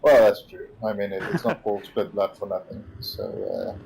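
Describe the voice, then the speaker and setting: Mellow low-voiced male co-commentator. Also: moderate pace, gravelly, slight background noise, low-quality recording. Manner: relaxed, joking color commentary. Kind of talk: esports sim racing commentary.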